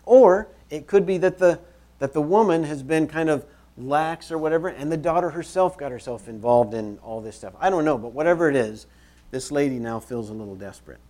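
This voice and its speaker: A man preaching a sermon in church, conversational and animated, repeating phrases for emphasis as he moves about. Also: a little high, brisk. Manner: moves around while preaching. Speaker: pastor.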